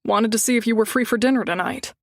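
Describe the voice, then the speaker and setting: A woman's voice: on the high side, fast, no echo, studio quality, lightly acted. A woman voicing a suave, teasing man. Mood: playful. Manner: easygoing and teasing. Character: suave, confident, playful adult man.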